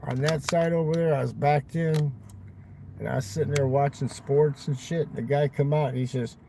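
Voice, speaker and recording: Crude, rambling man with a mellow voice. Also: a little high, steady tone, moderate pace, creaky, slight background noise, rough recording. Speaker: live-stream vlogger. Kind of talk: rambling live-stream chat. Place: parked car at night.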